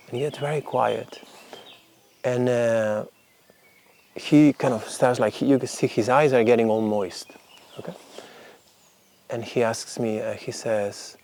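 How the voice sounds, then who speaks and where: A man's voice: medium pitch, slight background noise. A man telling a personal story casually, rambling with many fillers. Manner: rambling, lots of fillers, animated when quoting others.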